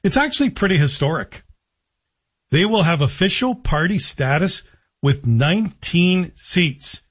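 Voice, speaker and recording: A middle-aged male talk radio host who delivers opinionated commentary full of sarcastic asides. His voice is husky and sits a little high. The audio is muffled and lo-fi. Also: lively intonation, measured pace, fairly bright tone.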